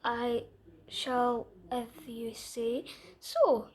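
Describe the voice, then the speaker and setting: A woman's voice: on the high side, fairly even intonation, drawn-out words, darkish tone. A woman reading Paddington, timid little bear. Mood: nervous. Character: small polite male bear, timid and anxious. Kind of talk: reading a storybook aloud.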